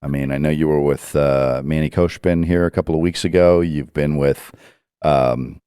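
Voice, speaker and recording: Really low mellow voice, podcast host guy, lots of uhs and ums. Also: fairly even intonation, clear, resonant tone, no room sound, studio quality. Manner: halting, with many uhs and restarts. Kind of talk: interview questions.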